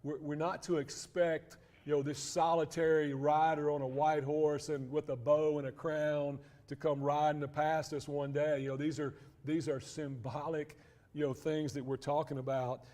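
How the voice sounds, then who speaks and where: A man's voice: fairly high pitch, level tone, normal speed, mellow. A man teaching a church Bible class in a conversational way, with frequent restarts and asides.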